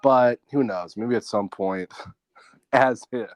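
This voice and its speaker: A man's voice: medium pitch, slow, no echo. A man co-hosting a podcast from home, chatting casually and giving blunt opinions on films. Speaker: podcast co-host. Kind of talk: casual chat.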